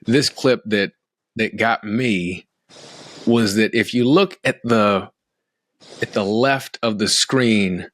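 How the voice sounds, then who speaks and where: A man's voice: fairly low pitch, slow, fairly bright tone, no echo. Man hosting over dry audio. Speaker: podcast host. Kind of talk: casual interview, walking through video.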